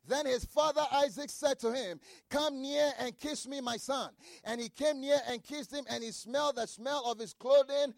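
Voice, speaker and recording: A man delivering a sermon in a strikingly high voice with a gravelly edge, his scripture reading breaking into shouted, repeated lines. The sound is close and dry. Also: normal speed, few pauses, dry recording. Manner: preaching with shouted emphasis and repeated phrases. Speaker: preacher.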